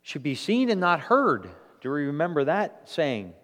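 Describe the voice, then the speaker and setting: A male pastor delivers a sermon in a church, his voice sitting slightly high and swinging widely in pitch. He often restarts his phrases as he builds a point. A long reverb trails his words through the sanctuary. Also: normal speed. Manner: animated preaching with repeated restarts.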